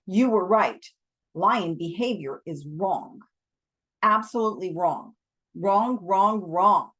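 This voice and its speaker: A woman's voice: medium pitch, expressive, a little slow. A woman reading aloud, voicing a burly, panicked Afrikaner lion expert who speaks urgently and emphatically.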